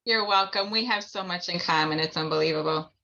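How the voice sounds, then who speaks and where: A woman's voice: fairly low pitch, fairly quick, sharp tone, lo-fi sound. A woman hosting a podcast, chatting casually in an effusive, enthusiastic way. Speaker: podcast host. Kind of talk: casual chat.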